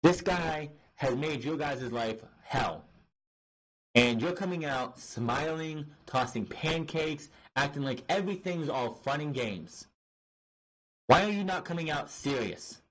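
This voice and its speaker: On a rough recording, this man's voice sits on the high side, a bit bright and animated, moving at a measured pace. He's reviewing wrestling on his podcast, ranting with profanity and exasperation while restarting sentences and using lots of fillers.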